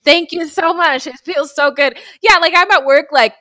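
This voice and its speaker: A woman co-hosting a podcast in casual chat, animated and blunt, swearing freely. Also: extremely high pitch, normal speed, no echo, studio quality. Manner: animated, swearing, bursting into laughter. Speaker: podcast co-host.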